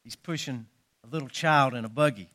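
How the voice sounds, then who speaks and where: A man preaching a sermon, telling folksy jokes and stories with animated emphasis. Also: medium pitch, a little fast. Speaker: pastor.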